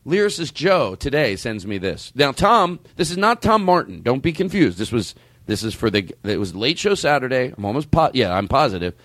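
Comedy podcast host, man, animated and jokey, dry close mic. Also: medium pitch, moderate pace, hardly any pauses, dry recording. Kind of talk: casual comedy chat.

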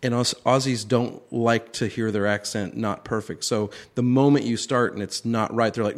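A man, an actor guesting on a podcast, tells funny stories in an animated way, acting out what people said. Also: mid-range voice, moderate pace, hardly any pauses. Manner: animated storyteller, acts out quotes, laughs often. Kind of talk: casual comedic chat.

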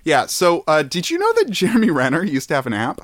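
A man's voice: on the high side, huge pitch swings, fairly quick, no room sound, clean studio sound. Rambling male podcast co-host. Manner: rambling, reading from an article with fillers. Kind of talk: casual comedic chat.

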